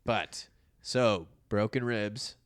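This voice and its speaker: Low-voiced man telling a crude rambling story. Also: drawn-out words, fairly bright tone, dry recording, studio quality. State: sore from broken ribs. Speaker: podcast co-host. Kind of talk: casual comedic chat.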